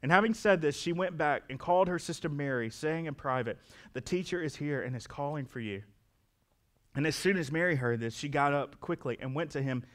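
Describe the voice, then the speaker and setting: Guy pastor preaching, reads the bible bits then talks it through real earnest, voice a bit on the high side. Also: fairly quick, a bit bright. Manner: earnest, reads scripture then explains it conversationally. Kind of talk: sermon.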